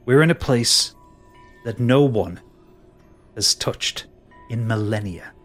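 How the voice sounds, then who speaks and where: A man's voice: medium pitch, lively intonation, slow, soft background music. A man voicing a scheming, grandiose male sorcerer who talks in a smug, theatrical way. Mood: coaxing. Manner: smug, theatrical, dismissive laughs.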